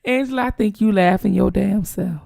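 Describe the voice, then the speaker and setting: A woman's voice: mid-range voice, moderate pace, creaky, mellow. A woman hosting her own channel, giving blunt, profane, teasing live-stream commentary to her viewers. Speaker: channel host.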